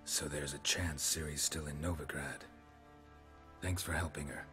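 An actor playing a weary monster hunter in a video game, speaking in clipped, sarcastic lines. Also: male voice, extremely low pitch, steady tone, normal speed, pushed and bright, faint music behind. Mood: dry. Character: terse, weary monster hunter, dry-witted man.

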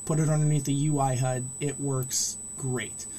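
A man hosting a casual screen-recorded walkthrough, chatty and rambling, getting excited about the features he likes. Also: medium pitch, moderate pace, a little hiss or hum. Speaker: modding tutorial host.

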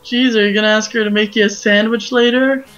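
A woman's voice: on the high side, fairly even intonation, a little fast, a bit bright, lo-fi sound. A young woman co-hosting a game playthrough, bantering casually and laughing often. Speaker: co-host of a gameplay video. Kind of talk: casual gaming commentary.

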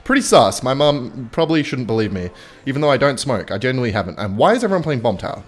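A young man talks through a strategy game in a loose, rambling way, jumping between game calls and a personal anecdote. His voice sits in a middle pitch but swings around a lot as he talks. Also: big pitch swings, quick pace. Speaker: gaming video creator. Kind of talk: casual gameplay commentary and storytelling.

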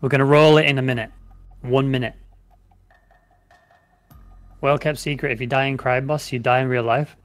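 A man's voice: medium pitch, fairly even intonation, normal speed, long pauses, soft background music. A British man co-hosting a live gameplay stream, chatting, joking and repeating giveaway instructions. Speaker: streamer co-host.

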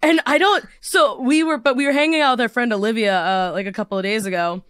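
A woman's voice: fairly high pitch, fast talker, smooth, no echo, studio quality. A woman in her twenties hosting a podcast, chatting casually and telling stories with lots of giggles. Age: 20s. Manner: giggly, animated storytelling with silly voices. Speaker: podcast host. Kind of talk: casual chat.

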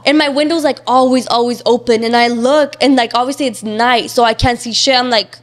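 Young woman, slightly high voice, casual storytelling, lots of "like", swears freely. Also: fairly even intonation. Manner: fast chatty, heavy use of "like", swearing. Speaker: guest.

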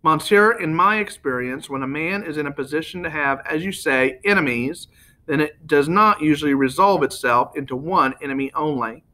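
A fastidious foreign detective, formal and coolly polite, voiced by a man reading a novel aloud. He speaks in a bright, raised voice. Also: fairly high pitch. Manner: formal, addresses people as monsieur.

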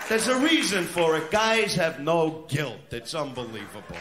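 A man doing a crude stand-up routine in a brash manner, shouting his punchlines. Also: fairly high pitch, sing-song, moderate pace, few pauses. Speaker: stand-up comedian. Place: comedy club stage. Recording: live club recording with crowd noise. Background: audience laughter and noise.

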